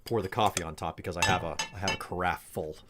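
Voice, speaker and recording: A man's voice: low-pitched, fairly even intonation, fast talker, very noisy. A man streaming a video game live, chatting playfully with viewers and talking to himself as he plays. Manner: chatty, playful, talks to himself while playing. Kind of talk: casual live-stream gameplay commentary.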